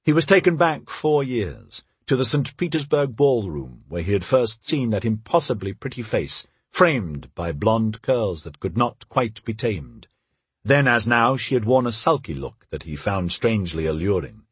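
A man narrating a novel in a measured, expressive read on a close mic. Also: fairly low pitch, slightly rough, no echo. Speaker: audiobook narrator. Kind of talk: scripted narration.

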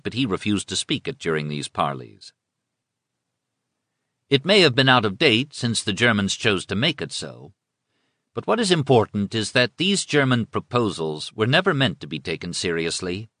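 Bright-toned, low-voiced male narrator. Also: big pitch swings, dry recording, clean studio sound. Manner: measured, formal reading. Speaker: audiobook narrator. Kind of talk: scripted history narration.

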